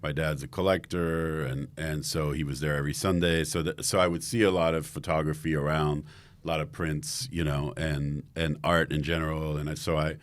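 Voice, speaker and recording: Deep smooth-voiced French man. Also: level tone, moderate pace, no room sound. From France. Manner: rambling, laid-back, many fillers. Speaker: podcast guest, photographer. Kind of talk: casual storytelling chat.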